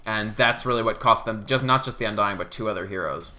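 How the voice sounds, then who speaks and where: A man casting a live online game tournament, excitable play-by-play with quick asides and laughter. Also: lowish voice. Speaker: esports caster.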